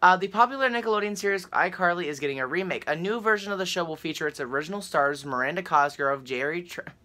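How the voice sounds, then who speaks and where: A young woman chatting casually to her viewers and reading a news article aloud, excitable and full of fillers. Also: lowish voice, fast talker. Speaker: vlogger.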